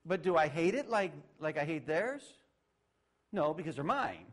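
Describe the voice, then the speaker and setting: A middle-aged male pastor giving a conversational sermon, shifting between loud sarcastic mock voices and low asides. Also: sing-song, moderate pace.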